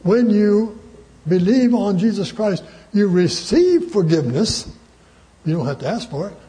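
A man delivers a sermon with emphatic conviction, hammering his key words through repetition. His voice sits somewhat high for a man yet sounds mellow and warm, and he lets out a chuckle between points. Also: big pitch swings, a little slow. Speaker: preacher.

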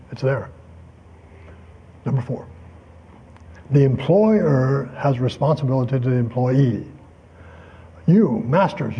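A man's voice: on the high side, breathy edge, dull audio. An older man teaching a Bible lesson in a folksy, conversational way, full of asides and personal anecdotes. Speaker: preacher.

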